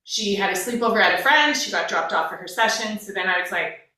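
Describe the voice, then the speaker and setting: A woman's voice: medium pitch, fairly quick, bright, forceful tone, recorded from a distance. A woman, a life coach and counselor, talking candidly and emotionally in casual conversation, swearing now and then. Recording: echoey room, away from the mic.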